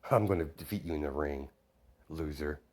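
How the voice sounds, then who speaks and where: A man voicing a cocky, hot-headed teenage boy rival who mutters threats in a lower, quieter voice. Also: moderate pace. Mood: threatening.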